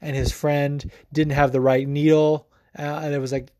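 A man's voice: a little high, level tone, normal speed, a little mellow, dry recording, studio quality. A young man hosting a podcast, giving casual, profane sports commentary full of fillers. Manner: loose and profane, lots of fillers. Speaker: podcast host.

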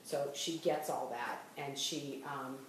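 A woman's voice: rumbling low, steady tone, slow pace, noisy background. A middle-aged woman with a Boston accent, hosting a casual podcast chat. She talks in a chatty way, restarts her sentences often and laughs as she talks. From Boston area. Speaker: host. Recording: echoey room, voice far from mic.

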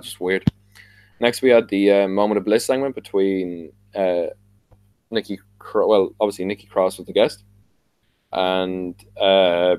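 A man's voice: low voice, darkish tone, poor audio. A man with an Irish accent casually recapping a wrestling show on a podcast, rambling with lots of fillers and restarts. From Ireland.

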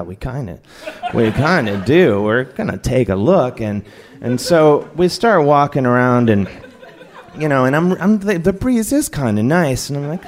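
A man telling a comic personal story on stage, lively and laughing, acting out other people's lines. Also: medium pitch, moderate pace. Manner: animated, laughing, acts out voices of others. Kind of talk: live comedic storytelling.

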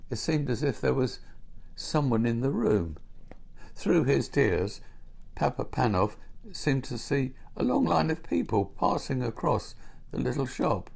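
A man gently reading a storybook aloud in an unhurried way. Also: medium pitch, vocal fry. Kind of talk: storybook narration.

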